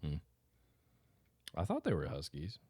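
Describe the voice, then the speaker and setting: A man's voice: extremely low pitch, huge pitch swings, a little slow, a little mellow, breathy edge, no room sound. A man co-hosting a casual podcast, laid-back and joking, often trailing off and restarting mid-sentence. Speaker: podcast co-host. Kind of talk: casual chat.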